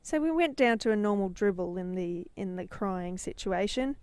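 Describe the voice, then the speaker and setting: A woman's voice: mid-range voice, expressive, normal speed, darkish tone, smooth, no room sound. A middle-aged woman hosting a podcast, telling a personal story with growing intensity that swells at its peaks. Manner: intense, dramatic retelling, voice swelling. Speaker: podcast host and business mentor.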